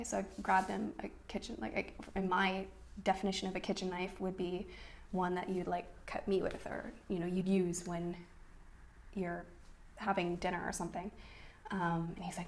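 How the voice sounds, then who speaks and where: A woman's voice: medium pitch, fairly even intonation, a little fast. A young adult woman, a coach, talking candidly to camera about loss and telling a personal story with quoted dialogue. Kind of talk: casual talk to camera.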